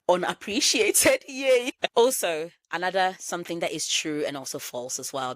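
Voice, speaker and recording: A woman's voice: deep voice, no echo. A woman in her thirties hosting a solo podcast, reflecting candidly and repeating phrases for emphasis. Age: 30s. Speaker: podcast host.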